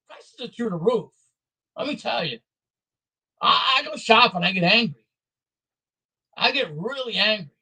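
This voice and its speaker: A man's voice: high-pitched, pushed and bright, husky, rough recording. A man ranting angrily on his own video, blunt and repetitive. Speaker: vlogger. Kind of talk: angry political rant to camera.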